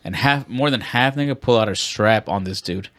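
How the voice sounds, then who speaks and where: A man's voice: lowish voice, moderate pace, fairly bright tone. A man co-hosting a podcast, telling long rambling stories in casual, profane chat. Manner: profane, rambling storytelling with many fillers. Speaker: podcast co-host.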